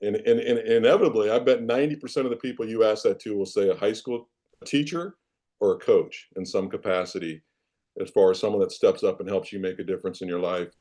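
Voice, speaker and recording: A man in his fifties from Iowa, a former football player and coach, telling animated, self-deprecating stories as a guest in a podcast interview. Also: lowish voice, fast talker. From Iowa, United States. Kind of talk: casual storytelling in a podcast interview.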